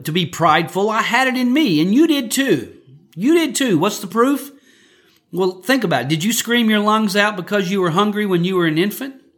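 A pastor with a high-sitting, slightly bright voice preaches a conversational sermon for a podcast. He jokes and often repeats words as he restarts his sentences.

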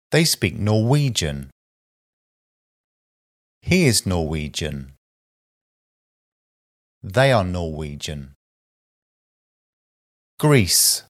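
A man reading a vocabulary list aloud as a language teacher, with slow, deliberate enunciation of single words and short sentences. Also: fairly low pitch.

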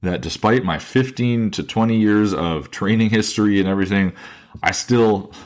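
A fitness coach in his thirties speaks in a very low voice on his own reflective solo podcast. Earnest and thoughtful, he repeats phrases, restarts, and slows down to stress his points.

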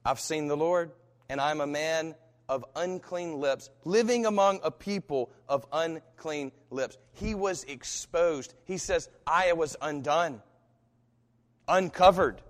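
A pastor preaching a sermon and telling a personal story with animation, acting out the voices of people in it. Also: male voice, a little high, takes it slowly. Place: church. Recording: reverberant hall.

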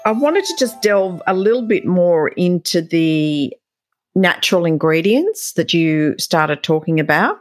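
A woman's voice: on the low side, lively intonation, unhurried, faint music behind. A woman interviewer asking long, rambling conversational questions.

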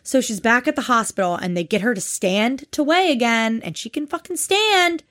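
A woman's voice: on the high side, normal speed. A woman co-hosting a podcast, recapping a TV episode in casual chat, exasperated and swearing often. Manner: exasperated, swears a lot, animated. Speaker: podcast co-host.

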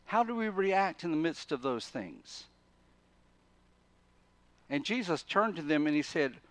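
Man preaching an animated sermon. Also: on the high side, normal speed, dry recording. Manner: animated storytelling, swings between quiet asides and loud emphatic bursts; repeats and restarts words mid-thought. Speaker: pastor.

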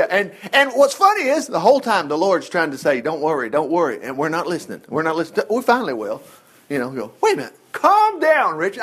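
Animated, folksy preacher man. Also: high-pitched. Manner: folksy, animated, laughs often, acts out quotes. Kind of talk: sermon.

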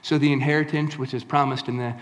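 A man's voice: mid-range voice, little pitch movement, quick pace, fairly bright tone. Male pastor, emphatic sermon delivery, echoing hall. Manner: emphatic preaching, repeating key phrases.

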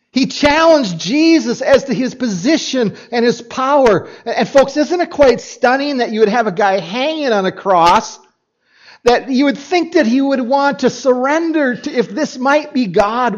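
A man preaching a sermon as pastor, reading scripture and making emphatic points with repeats and asides to the congregation. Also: very high voice. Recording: dull lo-fi recording.

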